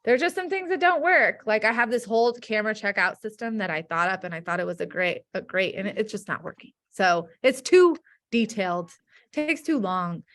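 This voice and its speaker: A woman teacher talks through her classroom difficulties in a frank, chatty way, filling her sentences with "like." Her voice is bright and forward at an ordinary middle pitch. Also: expressive, fairly quick, dry recording. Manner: frank, chatty, heavy use of "like". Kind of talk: casual group discussion.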